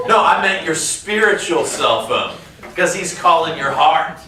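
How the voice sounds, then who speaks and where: Pastor preaching in an echoey church. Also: male voice, on the high side, lively intonation, distant mic. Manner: emphatic, slows down on key phrases; conversational, jokes with the congregation. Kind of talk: sermon. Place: large church auditorium. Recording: echoey church hall, faint room noise.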